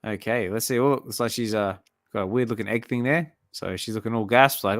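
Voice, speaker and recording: A man's voice: on the low side, a little fast, a bit bright, no room sound, studio quality. Chatty man reading comics aloud. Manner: chatty and curious, thinking aloud and stumbling over names. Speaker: comic reading channel host. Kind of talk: casual relaxed comic reading with commentary.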